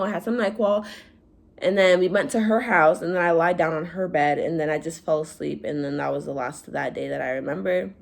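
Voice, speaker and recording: A young woman vlogger telling stories in casual chat, animated, acting out quotes in a higher voice. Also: creaky. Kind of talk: casual storytime vlog.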